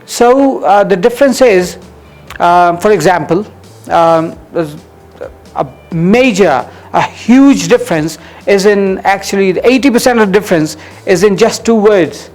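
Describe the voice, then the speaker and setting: A man's voice: high-pitched, expressive, measured pace, darkish tone, faint music behind. A man with an Indian English accent, an English coach answering interview questions, explaining pronunciation with many ums and uhs.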